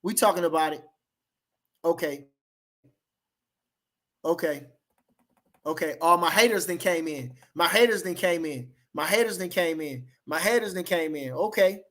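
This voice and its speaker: Man, AAVE, boxing livestream host. High, bright voice; loose and slangy, repeats lines for emphasis. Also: a little slow, long pauses. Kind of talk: casual livestream chat reading comments.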